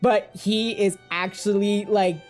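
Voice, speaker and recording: A woman's voice: medium pitch, steady tone, slow pace, a little mellow, faint music behind. A woman co-hosting a casual fan discussion, talking in an emotional, gushing way and rambling with lots of fillers. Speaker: podcast co-host.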